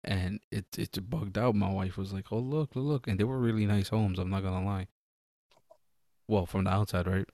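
Male co-host, lowish pitch, dry close sound, animated and profane, acts out scenes. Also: moderate pace, no echo. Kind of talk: casual podcast chat.

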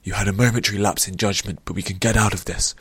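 Man playing an older soldier, calm, measured, deep voice, dry. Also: slightly rough, no echo, heavily acted. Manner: remarkably calm.

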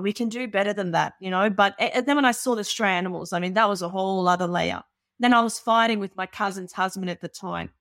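This is a woman, talking as an interview guest. Her stories come out earnest and animated, often broken up with little "you know"s. Her pitch sits mid-range and the sound is close and dry. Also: no room sound. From Balkans. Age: 30s. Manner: earnest and animated, with many filler phrases. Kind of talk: candid personal storytelling.

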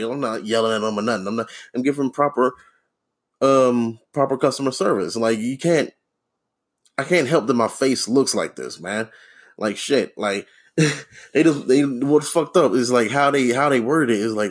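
A man hosting a podcast alone, rambling in a deadpan, sardonic way, swearing freely and filling with ums and restarts. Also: medium pitch, moderate pace. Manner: profane, rambling, sardonic, many fillers and restarts. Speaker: podcast host. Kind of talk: casual solo rant.

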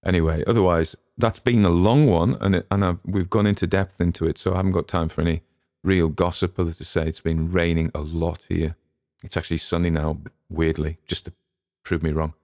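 Deep gravelly Englishman musing casually. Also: fairly even intonation, brisk, darkish tone, dry recording, studio quality. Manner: chatty, musing, with many restarts. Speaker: podcast host. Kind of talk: casual rambling commentary.

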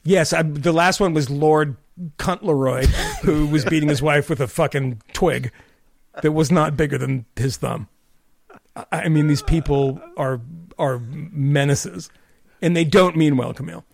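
A man's voice: fairly high pitch, a little slow, vocal fry, no room sound. A man co-hosting a podcast, tipsy after cocktails, trading crude, sarcastic jokes in casual banter. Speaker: podcast co-host.

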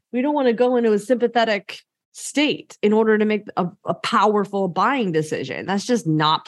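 A fairly high-voiced woman hosts a solo podcast and coaches listeners through sales calls. She talks in an energetic, conversational way and slips into the voices of clients. The sound is close and dry. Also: dry recording.

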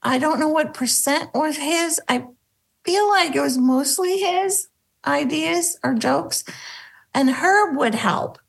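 A middle-aged woman, a former sketch comedy cast member, telling animated stories in a casual interview and acting out the quotes. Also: slow, vocal fry, low-quality recording. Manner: animated, acts out quotes, drops into a low voice for bits.

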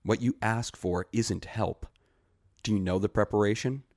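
A man reading a short story aloud and voicing a wary village herb woman who scolds in hushed tones. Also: fairly low pitch, steady tone, unhurried, dry recording, studio quality. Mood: urgent, scolding.

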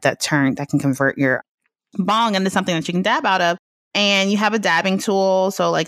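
A woman's voice: on the low side, a bit bright, no echo. A woman hosting a casual solo podcast from her apartment, laid-back and laughing often, drawling some words. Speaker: podcast host. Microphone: podcast microphone at home.

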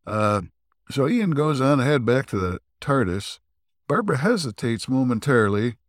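A man co-hosting a podcast, casually retelling an old episode with many ums and throat clears. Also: medium pitch, big pitch swings, moderate pace, dry recording, clean studio sound. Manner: rambling, filler-heavy retelling with frequent throat clearing. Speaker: podcast co-host. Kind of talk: casual recap discussion.

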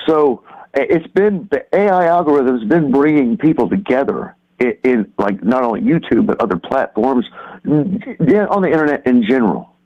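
A man's voice: medium pitch, animated. Rambling man calling in over a dull line. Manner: halting, many restarts and fillers, conspiratorial. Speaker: caller. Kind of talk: rambling call-in talk.

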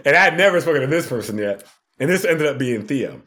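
A man's voice: medium pitch, lively intonation, fast talker, fairly bright tone. A man, a TV producer, telling a story with lots of laughter and acted-out quotes as a podcast guest. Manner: acts out quoted voices, laughs often. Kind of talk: animated storytelling.

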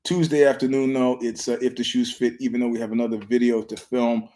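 A podcast host delivers a casual rambling monologue, a profane storyteller who meanders and restarts frequently, speaking softly so as not to disturb a nearby filming. His medium-pitched voice is mellow, brisk and shows little pitch movement.

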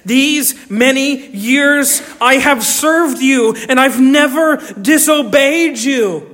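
A man's voice: takes it slowly, fairly bright tone, heavily acted. A man acting out a resentful older brother who complains that he has earned his father's favor. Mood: aggrieved. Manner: indignant complaining, rising pitch.

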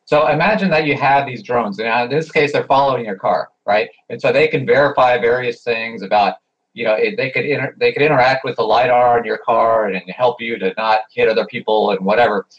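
A man's voice: medium pitch, brisk. Man, group chat participant, speculative, thinking aloud, muffled lo-fi audio. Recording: dull lo-fi sound.

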